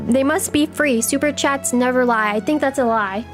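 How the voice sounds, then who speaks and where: A woman's voice: sits high, moderate pace, hardly any pauses, soft background music. A young woman streaming a game live, chatting with her viewers in a playful, teasing way.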